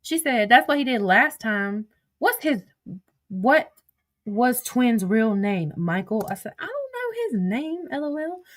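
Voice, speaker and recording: A woman with a Southern accent and a slightly high voice hosts a livestream, speaking expressively and without hurry. She chats casually, swears freely and reads text messages aloud.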